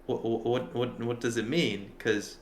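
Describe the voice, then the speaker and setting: Young male podcast co-host, early twenties, mid-pitched, rambling profane anecdote-teller. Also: fairly even intonation, unhurried. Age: early 20s. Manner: rambling, profane, acts out quotes. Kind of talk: casual storytelling chat.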